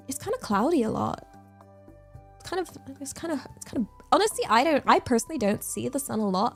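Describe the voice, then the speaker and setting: A young English woman streaming, chatting casually with viewers in a bubbly, chatty way and laughing often. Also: on the high side. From England. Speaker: VTuber streamer.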